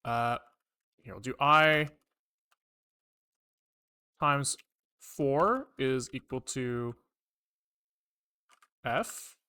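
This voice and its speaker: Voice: mid-range voice, very slow, long pauses, sharp tone, smooth. A programmer on a live coding stream, thinking aloud while typing and often swearing in frustration at the code.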